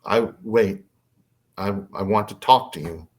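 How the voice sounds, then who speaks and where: A man voicing a tall gray alien who explains a warning in a measured way. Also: on the low side, lightly acted. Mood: stern calm.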